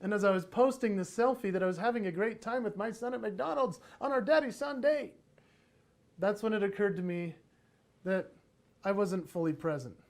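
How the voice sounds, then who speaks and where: A man speaking at a parenting conference, telling animated stories from family life in a motivational talk. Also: high voice, brisk. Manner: animated, acts out voices in his stories.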